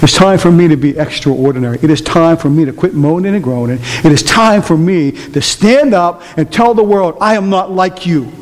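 A man's voice: fairly high pitch, moderate pace, few pauses. A man preaching a sermon to his church, emphatic and rising, throwing questions at the congregation. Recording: long reverb of a church hall.

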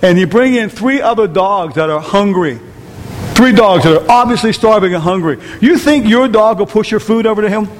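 A male pastor with a very high-pitched voice preaches with emphasis and throws questions at his congregation. His voice rings with the long reverb of a church hall. A faint hum of noise sits under the recording. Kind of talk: sermon.

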